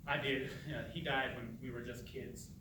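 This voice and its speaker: A man's voice: medium pitch, fairly even intonation, normal speed, far from the mic, lightly acted. A man playing an awkward grown son who hesitates with many uhs and sometimes bursts out. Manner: hesitant, full of uhs, bursts out when pushed. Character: awkward grown son, embarrassed by his mother. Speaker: grown son at a family dinner. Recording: echoey room, mic from afar, noisy.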